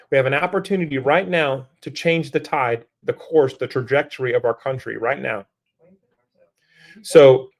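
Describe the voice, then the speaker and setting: Male streamer, middle-aged, fired-up exhorting, slightly high voice, repeats himself. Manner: urgent, preachy, repetitive restarts, rhetorical questions. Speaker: livestream host. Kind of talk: live-stream political exhortation. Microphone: streaming setup.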